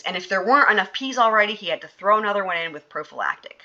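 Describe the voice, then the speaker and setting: A woman's voice: mid-range voice, animated, rapid-fire, hardly any pauses, sharp tone, muffled recording. A woman host giving casual, sarcastic and exasperated commentary on court filings.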